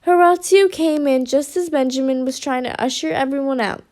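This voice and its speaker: High-voiced woman reading a kids' story. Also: moderate pace. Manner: expressive, lively.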